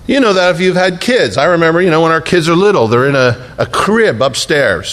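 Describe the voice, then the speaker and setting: A man's voice: on the high side, fairly quick, hardly any pauses, a bit bright. A man preaching a sermon as pastor, telling the story with humor and acting out the voices of the people in it.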